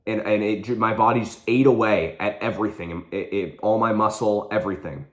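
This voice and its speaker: Deep-voiced young man telling an earnest story. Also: steady tone, brisk, fairly bright tone. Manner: earnest and intense, repeats phrases for emphasis. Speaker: vlogger. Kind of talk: personal storytelling to camera.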